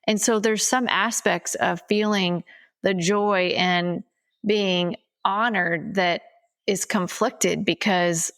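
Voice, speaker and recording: A woman co-hosts a casual podcast, talking candidly at a middle pitch. Her voice carries a noticeable gravelly fry. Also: steady tone, takes it slowly, fairly bright tone. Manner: candid, teasing then earnest. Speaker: podcast co-host. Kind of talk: casual chat.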